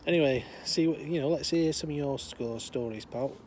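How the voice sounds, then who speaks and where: A man's voice: fairly high pitch, normal speed, a little mellow, slight background noise. An older man with a chatty, meandering manner, telling a long joke outdoors. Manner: meandering, chatty, many fillers. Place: outdoors, windy.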